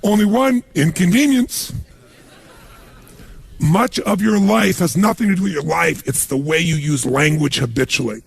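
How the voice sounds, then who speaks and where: A man giving a motivational seminar talk to a live audience, telling stories with punchy, animated emphasis and a gravelly, raspy voice. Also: fairly high pitch, moderate pace. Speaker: motivational speaker.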